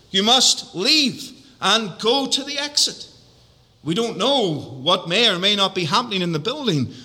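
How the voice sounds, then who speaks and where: Male preacher, high, piercingly bright voice, deliberate emphatic sermon delivery, echoing church hall. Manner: measured, emphatic repetitions, drawn-out key words. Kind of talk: evening sermon. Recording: long hall reverb.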